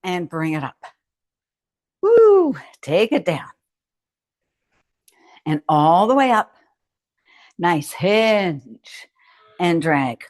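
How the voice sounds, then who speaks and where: A woman with a lowish, expressive voice coaches a home strength workout very slowly, leaving long pauses. She cues each exercise and cheers the viewer on encouragingly, and the recording is dry.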